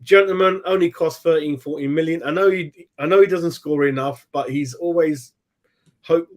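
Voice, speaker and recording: A man's voice: a little high, normal speed, darkish tone. A man giving a post-match fan reaction, thinking aloud and hedging his views with I don't know. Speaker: football fan pundit.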